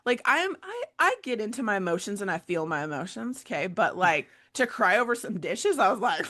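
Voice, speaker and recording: Bright-voiced woman coach telling a story. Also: mid-range voice, normal speed. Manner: animated storytelling with many fillers and laughs. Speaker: burnout prevention coach, panel moderator. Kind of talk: casual panel chat.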